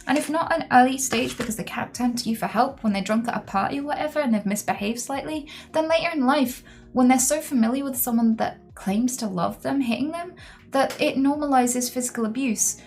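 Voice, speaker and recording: A woman's voice: sits high, fairly quick, darkish tone. A woman chatting candidly on a live stream, telling personal stories frankly. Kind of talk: casual live-stream chat.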